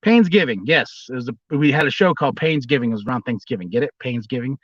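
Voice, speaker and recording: A man in his thirties hosting a casual livestream as a former wrestler, telling a story with rambling restarts and bursts of high, squealing impressions. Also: quick pace, a bit bright, dry recording, highs cut off.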